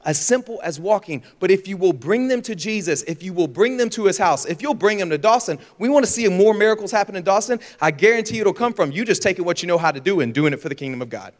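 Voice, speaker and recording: A man's voice: high-pitched, animated, fast talker, hardly any pauses. A young man preaching a casual, jokey sermon in a church, acting out voices and sound effects as he goes. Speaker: pastor. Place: church auditorium. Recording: reverberant hall.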